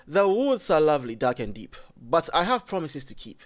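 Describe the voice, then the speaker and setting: A Ghanaian man hosting a casual livestream, his voice sitting a little high for a man. He rambles, thinks aloud and keeps restarting his sentences. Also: very animated, normal speed. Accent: Ghanaian English. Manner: rambling, thinks aloud with frequent self-corrections. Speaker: livestream host.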